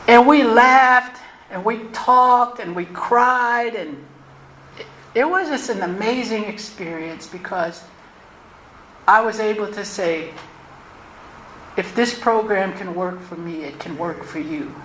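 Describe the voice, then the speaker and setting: A woman's voice: medium pitch, slow, long pauses. Candid woman in her sixties telling her story. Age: 60s. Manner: candid, conversational, animated storytelling. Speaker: recovery meeting speaker. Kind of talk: personal recovery story. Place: meeting hall. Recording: roomy hall, faint noise.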